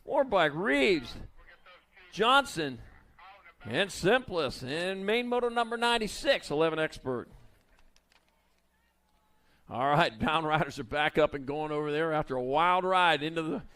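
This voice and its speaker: A man announcing BMX races live at an outdoor track, calling the riders with playful nicknames in a quick, folksy manner. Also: on the high side, lively intonation, a bit bright. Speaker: race announcer. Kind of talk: live race commentary.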